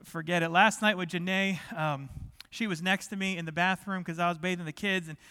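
A man's voice: sits high, steady tone, brisk, sharp tone, smooth. A middle-aged man preaching a sermon as pastor, talking in a conversational way and joking with the congregation. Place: large church sanctuary. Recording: long hall reverb.

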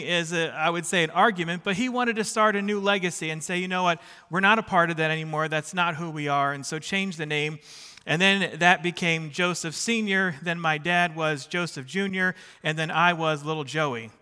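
A man's voice: a little high, moderate pace, pushed and bright, smooth, big-room sound. A middle-aged man preaching a sermon in a church sanctuary, chatty and self-deprecating, who keeps checking in with the congregation. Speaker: pastor. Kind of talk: sermon with personal stories.

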